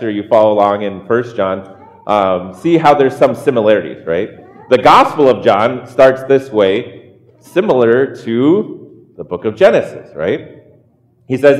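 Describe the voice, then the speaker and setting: A man's voice: medium pitch, darkish tone. A male pastor preaching a sermon in a casual, conversational way, often restarting phrases and checking in with the congregation. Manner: conversational preaching with frequent restarts and "right?" asides. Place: church sanctuary. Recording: long church reverb.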